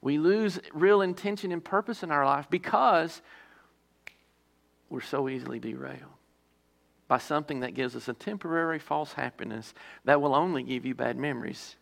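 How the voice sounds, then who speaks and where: A male pastor delivers a sermon in a gravelly, somewhat high voice. He presses key words hard, then drops into quieter, slower asides. He often asks his listeners rhetorical questions.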